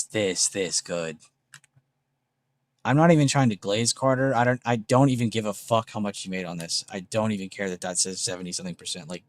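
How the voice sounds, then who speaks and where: Host type: young guy, lowish voice, dry close sound, soft music behind, hyped and profane. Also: dry recording. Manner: excitable, swears freely, gushing praise. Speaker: trading stream host. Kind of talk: casual live-stream chart review. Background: faint background music.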